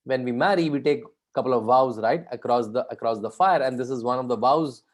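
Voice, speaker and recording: A man's voice: medium pitch, fairly quick. A man leading an online session for students, talking conversationally, asking the audience questions and often adding "right?". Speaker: guest speaker leading a session. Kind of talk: interactive talk to students.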